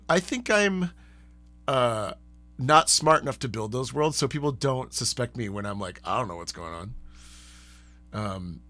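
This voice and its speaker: A man hosting a live stream, chatting casually in a rambling, animated way and laughing often. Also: mid-range voice. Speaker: streamer and host.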